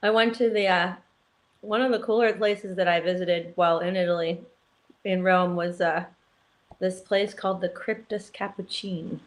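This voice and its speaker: A woman's voice: on the low side, steady tone, normal speed. A woman co-hosting a chat show, chatty and enthusiastic, full of "like". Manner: chatty, enthusiastic, says "like" a lot. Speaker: co-host. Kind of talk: casual chat.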